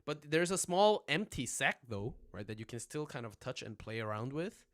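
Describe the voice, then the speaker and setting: A man's voice: medium pitch, lively intonation, normal speed. A young man teaching casually on a livestream, joking, rambling and swearing, with constant "right?" check-ins, recorded on a phone at home. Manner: joking, rambling, profane, says "right?" a lot.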